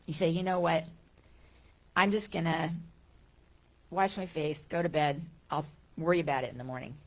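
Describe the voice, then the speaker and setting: A woman's voice: sits low, steady tone, normal speed. A woman giving a reflective spiritual talk as a teacher, speaking conversationally and asking her listeners rhetorical questions.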